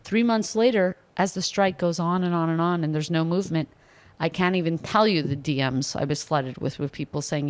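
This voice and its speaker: A young woman hosting a podcast, retelling a story in an animated, exaggerated way with sudden loud outbursts. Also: low voice, brisk. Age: young adult. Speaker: podcast host. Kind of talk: casual comedic storytelling.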